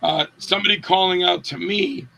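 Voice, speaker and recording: Animated husky-voiced man telling stories. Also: high voice, moderate pace. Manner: animated, acts out quotes with raised voice. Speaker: actor guest. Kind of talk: casual interview storytelling.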